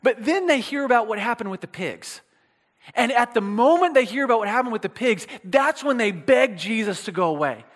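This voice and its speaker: Speaking briskly in a very high-pitched, expressive voice with a fairly bright tone, a man preaches a casual, chatty sermon. He checks in with listeners, restarts himself and adds playful asides, under the long reverb of a hall.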